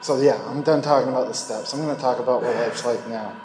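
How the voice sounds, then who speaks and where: A man's voice: medium pitch, quick pace, a little mellow, reverberant, big-room sound, faint music behind, poor audio. A man speaking at a recovery meeting, giving a candid personal testimony and rambling between thoughts. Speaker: recovering alcoholic sharing at a meeting.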